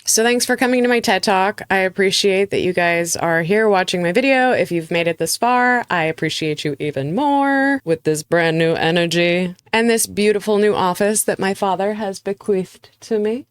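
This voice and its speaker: A woman's voice: medium pitch, moderate pace, hardly any pauses, smooth, no room sound. A woman real estate agent talking casually to camera in a playful, dryly humorous vlog from her small office. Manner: chatty, playful, dry humor.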